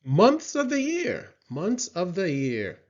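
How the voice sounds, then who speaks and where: A man's voice: high voice, huge pitch swings. A man teaching a lesson, drilling words for the listener to repeat and checking in with "right?". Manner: slow, patient drilling with frequent "right?" checks. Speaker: Spanish teacher. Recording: slightly dull lo-fi sound.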